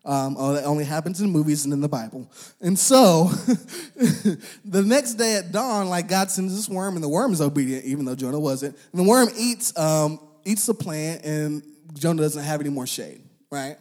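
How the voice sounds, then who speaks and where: A young man preaching a relaxed, chatty sermon full of slang and fillers. His voice sits a little high for a man. He acts out the voices of the people in his stories. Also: normal speed. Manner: conversational, uses slang and filler words; animated, acts out quoted voices. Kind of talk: casual sermon.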